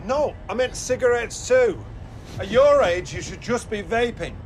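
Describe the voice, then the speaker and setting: A man's voice: very high-pitched, lively intonation, unhurried, faint music behind. A man voicing a scolding grandmother in a singsong voice. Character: nagging grandmother, mother of the kids.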